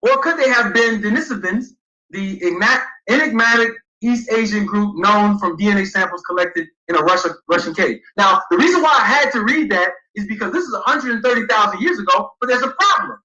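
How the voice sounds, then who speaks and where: A high-pitched man with a very bright, piercing voice lectures emphatically, reading passages aloud and pressing each point. He sounds roomy and echoey, and the stream audio is dull and lo-fi. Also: lively intonation, fairly quick. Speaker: guest speaker. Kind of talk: livestream debate lecture.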